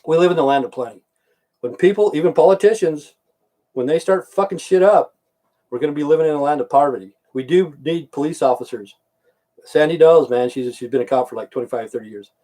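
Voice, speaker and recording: Here a middle-aged American vlogger glares into the camera for a furious, profanity-laced monologue, circling back over the same points. His voice is on the high side, brisk, and dark in tone.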